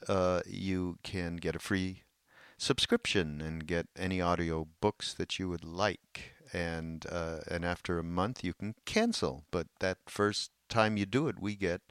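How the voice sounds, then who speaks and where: Deep-voiced man in loose podcast chat. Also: clear, resonant tone, dry recording, clean studio sound. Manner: loose, chatty, with fillers. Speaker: podcast co-host.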